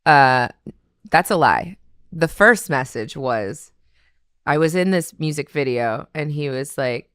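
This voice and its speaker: A woman from Canada talks as a podcast guest, with a low, smooth and resonant voice. She tells lively stories, laughs often and acts out the voices of people she quotes. The sound is close and dry. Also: takes it slowly, no room sound. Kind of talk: casual chat.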